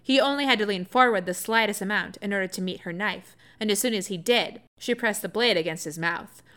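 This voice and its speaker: Bright-voiced woman reading romance aloud. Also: mid-range voice, fairly quick. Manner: soft, expressive storytelling with frequent laughs and excited asides. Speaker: reader.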